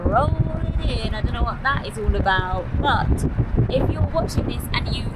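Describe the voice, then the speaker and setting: A woman's voice: on the high side, moderate pace, very noisy. A woman chatting in a bubbly, explanatory way as a travel vlogger outdoors at a mountain scenic area. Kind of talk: casual travel vlog.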